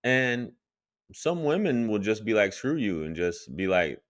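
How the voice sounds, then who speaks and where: Low-voiced man giving reaction commentary. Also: sing-song, measured pace, no echo, studio quality. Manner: opinionated, addresses viewers directly.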